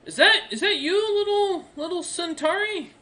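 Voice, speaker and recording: A man plays an eager young guard in a tabletop game, his voice pushed high above his own. The guard is friendly and chatty and fires off curious questions. The tone is bright and ringing. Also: lively intonation, moderate pace, heavily acted. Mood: excited, friendly.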